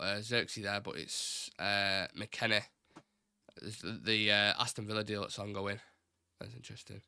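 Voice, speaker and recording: A man's voice: fairly low pitch, no room sound. A young man from Salford with a Mancunian accent, hosting a live fan show and reading out chat questions in a blunt, opinionated way. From Salford, Greater Manchester. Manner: blunt, opinionated, swears, fast and animated. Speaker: host of a fan talk show. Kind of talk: live-stream chat, reading viewer comments.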